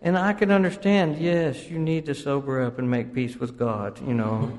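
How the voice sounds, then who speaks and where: A man's voice: mid-range voice, fairly even intonation, normal speed, few pauses, darkish tone. Rambling man in a reverberant hall. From Oklahoma, US. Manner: rambling, self-mocking, with frequent laughs and restarts. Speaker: recovery meeting speaker. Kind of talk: storytelling talk to a recovery group.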